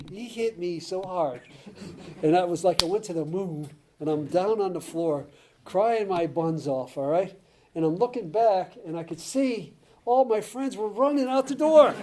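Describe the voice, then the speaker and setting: Older man, halting recovery-meeting story. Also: sits high, dark tone, a little hiss or hum. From Connecticut. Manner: rambling, halting storytelling with many restarts. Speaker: AA speaker.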